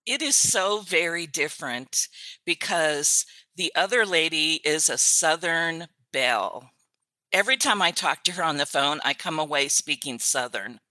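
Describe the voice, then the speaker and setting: A woman's voice: sits low, animated, sharp tone, no room sound. An older woman, a grandmother, chatting as an interview guest and telling stories with a ready laugh. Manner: chatty storyteller, quick to laugh. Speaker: author's virtual assistant, guest. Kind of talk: casual interview chat.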